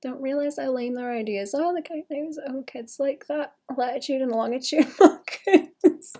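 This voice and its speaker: A woman's voice: high voice, normal speed, warm tone. A young woman streaming her sketching, chatting casually and thinking aloud with frequent giggles. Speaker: artist streaming while sketching. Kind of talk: casual livestream chat.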